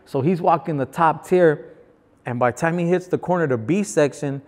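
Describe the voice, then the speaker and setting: A man's voice: a little high, brisk. Slangy man telling stories in echo. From Los Angeles. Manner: animated, slangy, acts out other people's lines. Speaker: guest. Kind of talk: casual storytelling.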